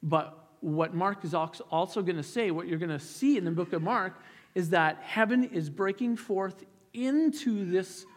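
A male pastor giving an earnest, conversational sermon, often restarting his sentences. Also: sits high. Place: church sanctuary. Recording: hall reverb, church sanctuary.

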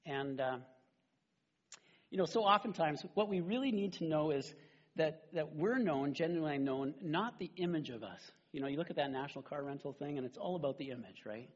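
A middle-aged man preaching a sermon as a pastor, animated and conversational, often checking in with "right?". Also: fairly high pitch, a little fast, breathy edge, dull audio.

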